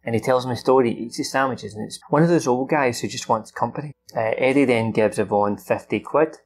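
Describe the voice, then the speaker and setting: A man's voice: medium pitch, fairly quick. A young man rambling through a film recap from memory, swearing freely and acting out the characters' lines.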